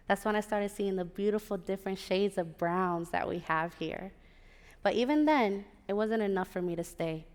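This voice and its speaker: With a smooth, mid-range voice, a woman in her thirties performs a personal story live, animatedly voicing the characters involved. She's on a large theater stage with a stage microphone, and long reverb and a live audience fill out the sound.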